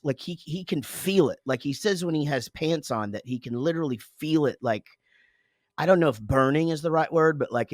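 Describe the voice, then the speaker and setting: A man's voice: fairly high pitch, dry recording, studio quality. A man in his forties, co-hosting a casual podcast, telling a rambling, profane story about his morning with lots of self-interruptions. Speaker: podcast co-host, father.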